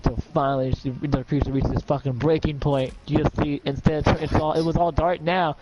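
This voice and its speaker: A man narrating as game master, telling the action in an excitable, profane way with shouted sound effects. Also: on the high side, brisk, dull audio, very noisy.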